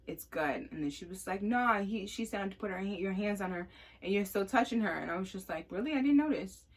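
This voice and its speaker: A young woman casually telling a story, animated, acting out what people said, with lots of fillers. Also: mid-range voice, fairly quick. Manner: animated, acts out quotes, many fillers.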